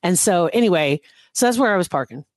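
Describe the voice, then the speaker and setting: A woman's voice: lowish voice, expressive, fast, no echo, clean studio sound. A woman chatting casually and telling a story, wry and exasperated, laughing often between lines. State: recovering from knee surgery. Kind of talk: casual chat.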